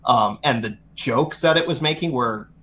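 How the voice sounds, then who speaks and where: With slight background noise behind him, a mid-range male voice talks at an ordinary pace as co-host of a gaming podcast. His casual chat wanders through game opinions, full of self-corrections and lively impressions.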